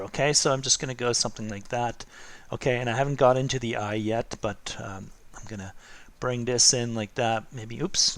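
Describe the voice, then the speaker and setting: A man's voice: medium pitch, a bit bright. A middle-aged man teaching art over a drawing demo, chatty and encouraging, checking in with "okay?" and "right?" all the time.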